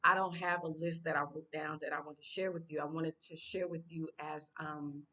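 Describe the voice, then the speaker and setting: An American woman vlogger chats casually and unscripted with her viewers, full of fillers and restarts. Her intonation is fairly even at a normal speed, but she says Swahili phrases louder and higher.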